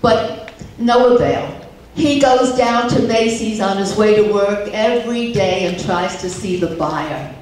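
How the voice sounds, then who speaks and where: Older lady telling jokes slow and chatty, echoey theater from way back, bit of room hiss. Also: mid-range voice. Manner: slow, chatty storytelling with Yiddish words. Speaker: talent show performer telling jokes. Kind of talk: stage joke-telling. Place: large theater stage. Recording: echoey hall recorded from far off.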